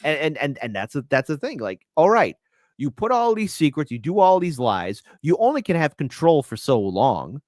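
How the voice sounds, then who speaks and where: A man co-hosting a podcast in loose, animated banter, often putting on mocking voices. His voice sits a little high and swings widely in pitch. The sound is dry and close. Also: normal speed, dry recording. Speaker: guest co-host.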